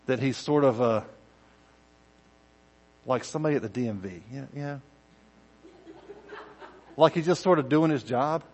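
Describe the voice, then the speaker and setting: A man preaching a conversational sermon, dropping to quiet intensity and rising to loud, emphatic bursts, acting out quoted voices in asides. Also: medium pitch, measured pace, pauses often, rough recording. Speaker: pastor.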